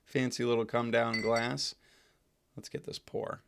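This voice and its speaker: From his home in the United States, a young man runs a beer-tasting stream, chatting freely with viewers, cursing offhandedly and leaving sentences unfinished. His mid-range voice is steady and measured, with vocal fry and a slight hiss or hum from the desk microphone.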